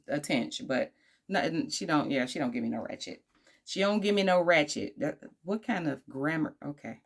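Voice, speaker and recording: A woman casually reviewing a dating show, sassy and slangy, breaking into laughing asides, tired from recording late at night. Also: sits low.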